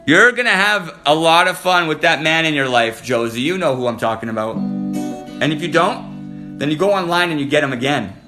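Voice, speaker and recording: A male livestream host with a slightly high, lively voice chats casually with viewers over a phone mic, clear guitar music playing behind him. He is flirty and teasing, firing off rapid comments to his audience.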